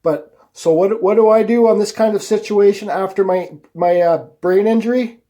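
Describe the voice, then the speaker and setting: A man's voice: high-pitched, moderate pace, mellow. A man hosting a woodcarving vlog, talking casually to the camera in a blunt, rambling way and swearing freely. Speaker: woodcarving channel host.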